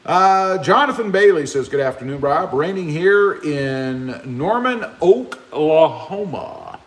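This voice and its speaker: A relaxed man hosts a live chat from his open garage, reading out comments and greeting viewers one by one. His voice sits a little high and swings freely in pitch. The phone mic picks up a roomy, echoing garage. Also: slow pace. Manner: laid-back, chatty, greets viewers by name. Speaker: livestream host. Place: open garage with a fan running. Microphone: cell phone camera.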